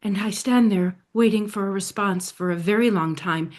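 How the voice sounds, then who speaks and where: A woman telling a dramatic story in the first person, speaking in a hushed voice that often sinks to a soft near-whisper. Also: mid-range voice, moderate pace.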